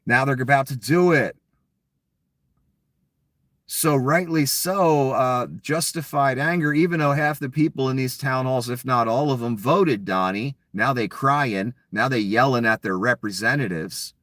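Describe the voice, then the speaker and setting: A man's voice: medium pitch, a little slow, fairly bright tone, no echo. A man giving a blunt, mocking solo commentary, full of profanity. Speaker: political commentator.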